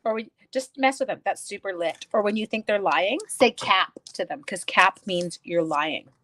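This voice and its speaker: A woman's voice: medium pitch, moderate pace, a bit bright, slight background noise. A middle-aged woman teaching a card-making class live, chatting casually, greeting viewers by name and making self-deprecating asides. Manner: rambling storyteller mid-task. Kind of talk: casual live-stream craft tutorial.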